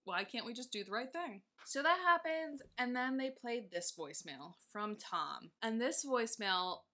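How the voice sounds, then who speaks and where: A woman's voice: fairly high pitch, lively intonation, moderate pace, bright, forceful tone. A woman co-hosting a casual chat, ranting indignantly and swearing freely. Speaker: podcast co-host.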